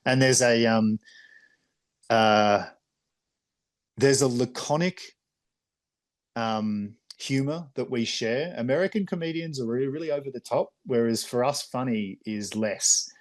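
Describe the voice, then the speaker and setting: Animated Australian man in his forties. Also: mid-range voice, a little slow, long pauses. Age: 40s. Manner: animated storyteller, acts out quotes in voices. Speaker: film director, guest. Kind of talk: casual interview chat.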